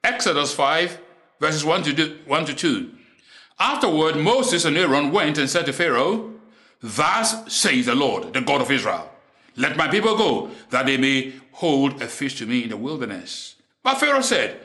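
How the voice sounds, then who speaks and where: A man preaching a sermon in English, which is not his first language. He is deliberate and repeats key lines for emphasis. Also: on the high side, big pitch swings, sharp tone.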